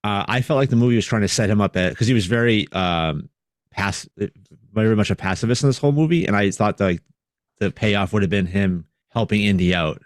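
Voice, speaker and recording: Low-voiced casual guy, dry sound. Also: brisk, no echo. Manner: casual, frank, says "dude" and "like" a lot. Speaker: guest. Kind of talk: casual roundtable movie chat.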